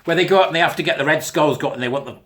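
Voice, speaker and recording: A man's voice: a little high, rapid-fire, fairly bright tone. A man giving a sarcastic, sweary commentary as he reads passages aloud and mocks them. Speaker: commentator reading and rebutting a school policy. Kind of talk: ranting commentary.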